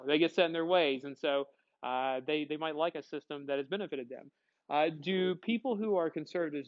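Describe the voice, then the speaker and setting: A man's voice: fairly high pitch, lo-fi sound. A male teacher giving a conversational classroom lecture, asking the class questions and answering them himself.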